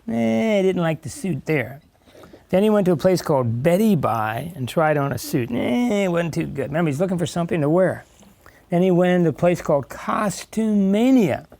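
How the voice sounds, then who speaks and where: An older man with a high-pitched, creaky, mellow voice is a guest reader in an elementary school classroom. He reads a picture book aloud to young children in a chatty way, pausing to ask questions and explain things.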